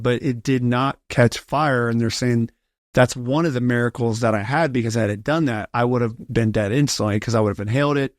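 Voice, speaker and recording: A man's voice: mid-range voice, no echo. Man telling a story in a dry studio. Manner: animated, acts out quoted voices in his story. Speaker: podcast guest. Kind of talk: casual storytelling.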